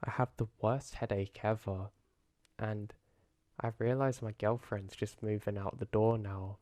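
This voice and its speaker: Guy calmly telling a creepy first person story, deep voice, dry sound. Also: measured pace, dry recording. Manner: calm, low-key retelling.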